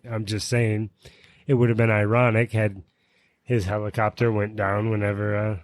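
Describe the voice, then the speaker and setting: A man with a fairly low voice in relaxed podcast conversation. He talks deliberately and explains his points step by step. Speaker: podcast co-host. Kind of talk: casual chat.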